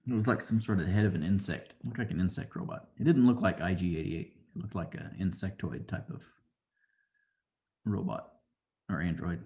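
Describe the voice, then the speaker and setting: A man's voice: deep voice, brisk, a little mellow, highs cut off. A man casually recapping a show episode, rambling along and acting out quotes from the characters. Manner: rambling, loose retelling with acted-out quotes. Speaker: show reviewer.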